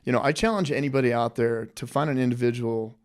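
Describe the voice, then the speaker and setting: A man hosting a podcast interview, politely addressing his guest as sir while laying out a survival quiz with lively storytelling. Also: medium pitch, fast. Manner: respectful, calls guest sir, animated storyteller. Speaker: podcast host.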